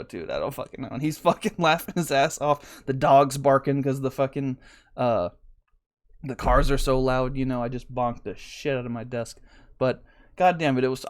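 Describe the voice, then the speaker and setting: A young man hosting a podcast, telling a story in a profane, animated, laughing rant. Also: medium pitch. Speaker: podcast host. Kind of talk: casual solo podcast storytelling.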